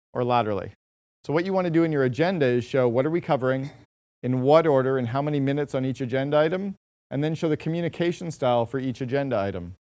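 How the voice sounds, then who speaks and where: Addressing a live audience, a man delivers a motivational business talk in a medium-pitched, slightly mellow voice. He's direct and emphatic, speaking in punchy short lines.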